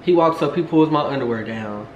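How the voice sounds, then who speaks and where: A man's voice: mid-range voice, lively intonation, brisk, darkish tone, muffled recording. A young man telling a rambling story to camera, full of fillers and asides. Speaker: storytime vlogger. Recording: echoey room, faint background hum.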